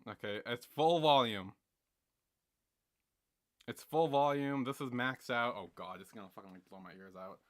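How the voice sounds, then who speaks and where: A man in his twenties streaming a reaction, excitable and laughing, swearing often. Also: medium pitch, moderate pace, pauses often. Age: 20s. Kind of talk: livestream reaction commentary.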